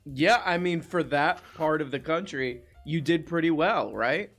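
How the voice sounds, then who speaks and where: A man's voice: fairly high pitch, a little slow, fairly bright tone, soft background music. A man hosting a live talk show, chatting in a loose, joking, rambling way. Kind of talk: casual chat.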